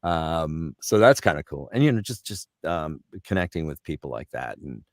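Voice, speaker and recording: Middle-aged male voice actor, very low voice, close dry sound, lively storyteller who drops into quick impressions. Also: no echo. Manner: animated anecdotes, slips into character voices for quotes. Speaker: voice actor guest. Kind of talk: casual storytelling chat.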